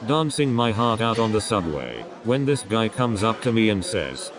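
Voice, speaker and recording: A man's voice: on the low side, big pitch swings, normal speed. A man doing a stand-up comedy routine, rambling through setups and repeating his catchphrases. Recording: crowd noise behind the voice.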